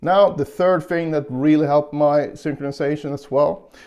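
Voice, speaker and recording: A man giving a casual guitar lesson, explaining technique calmly and counting beats aloud, with guitar playing behind him. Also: on the high side, normal speed, smooth, lo-fi sound. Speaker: guitar teacher.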